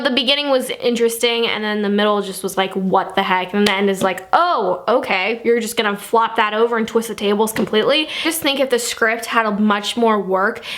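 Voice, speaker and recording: Young woman, fairly high voice, casual vlog film review, rambling and exasperated. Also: a bit bright. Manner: rambling, exasperated, many fillers. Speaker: movie reviewer.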